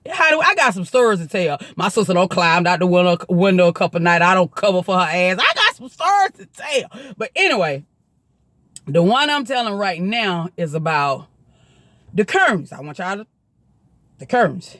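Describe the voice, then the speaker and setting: A woman with a Southern US accent telling a story in a chatty, profane, animated way to the camera. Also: fairly low pitch, normal speed, dry recording.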